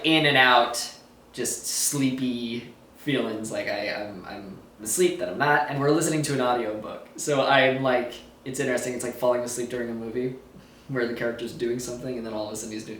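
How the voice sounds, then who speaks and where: A man's voice: mid-range voice, a bit bright, a little hiss or hum. A young man telling a rambling, giggly story in a casual vlog, groggy after surgery with a sore throat. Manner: rambling, giggly, loses his thread. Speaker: vlogger. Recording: echoey room, a bit far from mic.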